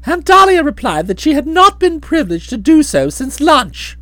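A woman narrating a comic story for an audiobook in a playful, expressive manner. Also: high voice, moderate pace, no room sound.

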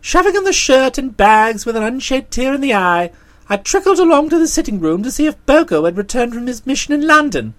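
A woman narrating a comic story in an audiobook, with lively storytelling. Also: high-pitched, fairly quick.

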